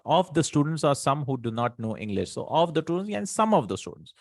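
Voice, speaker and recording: A man's voice: fairly high pitch, sing-song, a little fast, dry recording, clean studio sound. A man teaching an Arabic grammar lesson in English, patiently repeating terms with frequent thinking hums.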